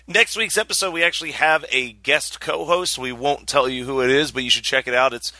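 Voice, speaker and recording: A male podcast host chatting casually, laughing often and swearing freely. His voice is strikingly bright and forward. The sound is dry and close. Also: mid-range voice, a little fast, no room sound. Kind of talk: casual chat.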